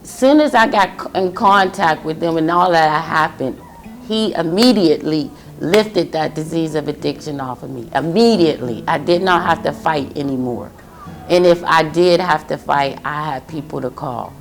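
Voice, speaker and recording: Low-voiced woman giving a halting testimony. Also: soft background music. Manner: emotional, halting, with many pauses. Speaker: testimony speaker. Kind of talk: personal testimony.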